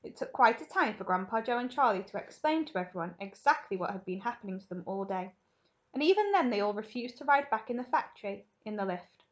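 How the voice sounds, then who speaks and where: A woman primary school teacher reading a story aloud to children in a lively, expressive way. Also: medium pitch, a little fast, highs cut off.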